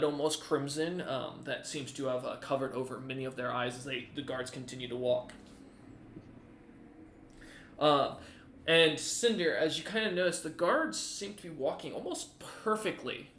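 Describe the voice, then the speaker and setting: Male tabletop game master, a touch high, loose and rambling, recorded in a roomy space. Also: pushed and bright. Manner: rambling, with many fillers and restarts.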